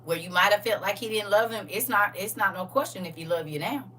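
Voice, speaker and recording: Woman, livestream host, bright forceful voice, a bit off-mic, faint hum. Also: mid-range voice, brisk, far from the mic. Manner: animated, laughing, talks straight to viewers. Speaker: livestream host reading viewer comments. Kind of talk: casual faith livestream chat.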